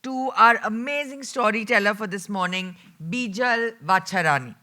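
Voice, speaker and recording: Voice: mid-range voice, normal speed, pushed and bright, slight background noise. An event host introducing a storyteller and getting a children's audience to call back. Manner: upbeat, gets the crowd to call back.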